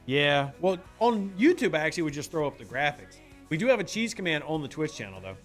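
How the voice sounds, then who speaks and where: A man's voice: on the high side, big pitch swings, fast talker, a bit bright, soft background music. A man streaming a game live, chatting casually and answering his viewers' messages. He is from the United States.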